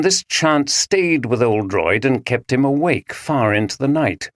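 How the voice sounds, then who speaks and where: A man narrating a mystery audiobook in a measured, even storytelling manner. His voice sits in a middle pitch, and the recording is dry and close with no room sound. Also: no room sound.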